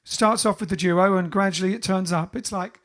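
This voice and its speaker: His voice is high, steady and fairly bright, and he talks a little fast. The man is a bandleader hosting a laid-back livestream from home in lockdown, reading each viewer's greeting aloud conversationally.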